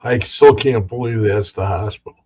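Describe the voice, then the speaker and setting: A man casually interviewing a guest over a remote connection, halting and full of restarts. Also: lowish voice, highs cut off, a crowd in the background.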